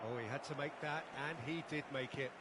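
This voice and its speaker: A man doing play-by-play football commentary, flowery and dramatic, erupting with excitement at big moments. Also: on the high side, fairly quick. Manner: flowery, dramatic, bursts into loud excitement at goals. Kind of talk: sports commentary from a video game. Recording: loud background noise.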